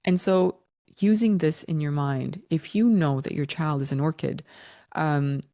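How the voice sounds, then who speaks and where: A middle-aged woman who teaches parents about child development, talking in an animated way and laughing between points. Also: low voice, unhurried. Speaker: parenting educator.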